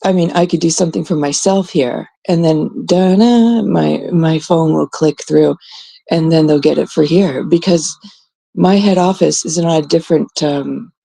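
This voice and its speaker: Sick woman vlogger, husky and dark-toned, rambling casual chat with swearing. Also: deep voice, steady tone, normal speed, no room sound, rough recording. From Canada. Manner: rambling, swearing freely, many fillers. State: sick, rough voice. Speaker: channel host.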